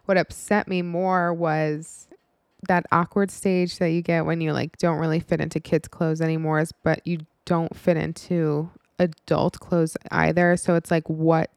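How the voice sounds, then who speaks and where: A woman's voice: low-pitched, flat delivery, measured pace, gravelly, no room sound. A woman in her twenties telling a personal story in a candid, frank, casual way, with some swearing and many "like" fillers.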